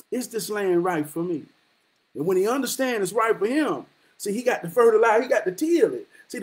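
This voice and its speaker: A man's voice: very high-pitched, low-quality recording. A man giving a casual, preachy monologue. He speaks in a profane, repetitive, rhetorical way with a street-preacher cadence. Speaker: vlogger giving life talks.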